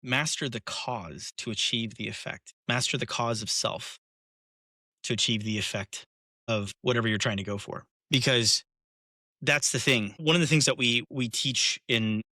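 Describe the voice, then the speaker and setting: A man talks casually as a podcast guest, winding through a story and often restarting mid-sentence. His voice is bright and forceful. The recording is dry and close. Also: medium pitch, steady tone, moderate pace, no echo. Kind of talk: casual conversation.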